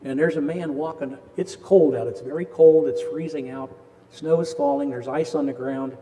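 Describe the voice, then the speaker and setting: A man's voice: a little high, steady tone, normal speed, warm tone, long reverb tail. An older man in his sixties giving a casual, folksy talk on addiction at a parish, joking with the audience. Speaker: presenter of a parish addiction class. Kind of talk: casual lecture with storytelling. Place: parish hall.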